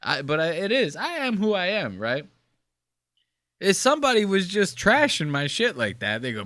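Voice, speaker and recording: A man's voice: sits high, huge pitch swings, normal speed, pushed and bright, dry recording. A man co-hosting a casual podcast, ranting with swearing and mock quotes, of Puerto Rican background. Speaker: podcast co-host.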